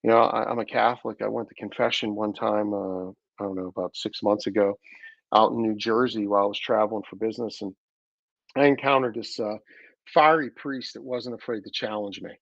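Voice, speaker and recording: Earnest man with a gravelly voice. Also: lowish voice, steady tone, a little fast, fairly bright tone, no room sound, highs cut off. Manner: earnest, searching, with frequent restarts. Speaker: host. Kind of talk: reflective weekly talk.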